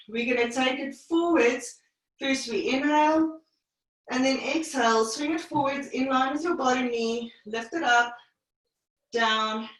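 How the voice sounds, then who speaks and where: Breathy pilates teacher woman counting reps. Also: sits high, fairly bright tone. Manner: counts reps and breath cues in short phrases. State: slightly out of breath. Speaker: pilates instructor. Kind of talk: live online fitness class cueing. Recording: very echoey room, voice far from mic.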